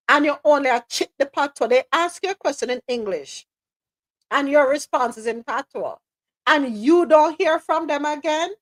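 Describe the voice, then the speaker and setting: A Jamaican woman hosting a live talk show, her voice pitched a little high. She speaks emphatically and with strong opinions, dropping into patois at times. Her voice sits close and dry, with no room echo. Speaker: podcast host. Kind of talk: live news-talk podcast commentary.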